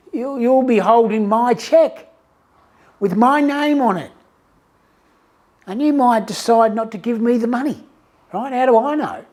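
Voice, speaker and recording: A man voicing a nervous, suspicious bank customer who stammers and pleads. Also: high voice.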